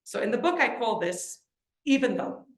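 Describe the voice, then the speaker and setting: A middle-aged woman, an author and lecturer, giving an inspirational storytelling talk, acting out quoted voices with big leaps in pitch. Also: very animated, moderate pace, reverberant. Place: lecture event in a room.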